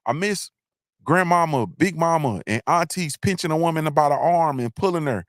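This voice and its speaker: Expressive and somewhat high-pitched, this man hosts a livestream at a moderate pace, captured in studio quality with no room sound. He rambles through a loose monologue, repeating himself, restarting often, and tossing in slangy asides.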